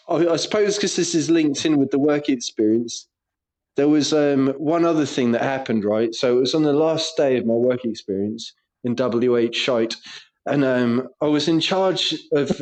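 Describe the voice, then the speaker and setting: A man's voice: mid-range voice, darkish tone. A man co-hosting a podcast, telling crude stories in casual banter and laughing often. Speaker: podcast co-host.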